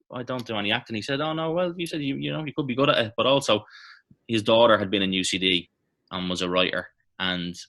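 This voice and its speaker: An Irish man in his thirties, an actor reminiscing in a relaxed, rambling interview with many fillers and restarts. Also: low voice. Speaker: actor guest. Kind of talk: casual interview chat.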